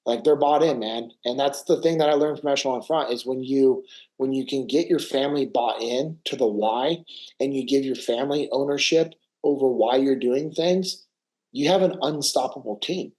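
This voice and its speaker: A man's voice: medium pitch, normal speed, low-quality recording. A middle-aged man, a former Navy SEAL, talking as a podcast guest in a casual interview, telling stories animatedly and dropping "bro" and "man" constantly. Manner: animated storyteller peppering speech with "bro" and "man".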